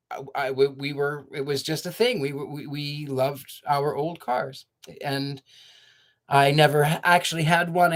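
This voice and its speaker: An older man hosting a story-reading show, reading a children's book aloud and then chatting to viewers in sentimental, rambling asides. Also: fairly high pitch. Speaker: storyteller host.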